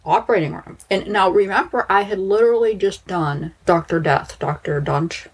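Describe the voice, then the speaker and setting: A woman's voice: medium pitch, normal speed, breathy edge, low-quality recording. A woman podcast host chatting in a rambling, casual monologue, her speech slightly slurred after dental surgery. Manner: rambling, chatty, frequent restarts and fillers.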